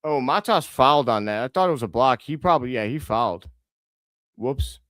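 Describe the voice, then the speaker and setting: A man's voice: mid-range voice, no echo. A young man hosting a live basketball reaction stream, calling plays and scolding players as he goes, often correcting himself. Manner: excitable, scolds players aloud, quick self-corrections.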